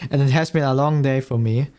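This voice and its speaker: A man's voice: mid-range voice, darkish tone, slight background noise. Chatty streamer man reacting to a video. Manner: chatty, thinks aloud, laughs often. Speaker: VTuber streamer. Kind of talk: casual reaction commentary.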